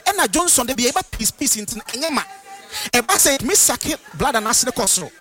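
A man lectures on a radio health show in an animated, sing-song manner. His voice sits high and swoops widely, with a bright, forceful edge. Faint music plays behind him. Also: brisk. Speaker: herbal medicine guest.

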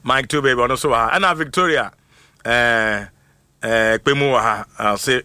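A man runs a casual livestream, calling out viewers' names with lively energy and frequent laughter. His voice is bright and forceful, recorded close and dry. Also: medium pitch, a little slow, pauses often, clear, resonant tone, no room sound. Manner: animated, switches between Twi and English, laughs often. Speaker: livestream host. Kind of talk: casual live shout-outs.

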